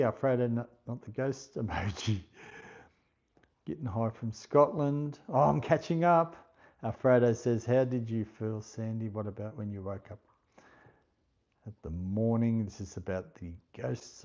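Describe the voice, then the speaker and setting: A slightly mellow, mid-range voice belongs to an Australian man hosting a casual livestream. Taking things slowly, he reads out viewer comments and thanks each one by name. Dull, lo-fi stream audio carries it.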